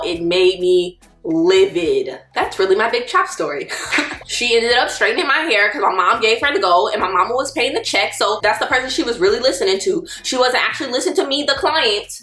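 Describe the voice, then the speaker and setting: A woman, telling a personal story as a vlogger in an animated, exasperated way. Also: a little high, echoey room. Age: 20s. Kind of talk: storytelling vlog.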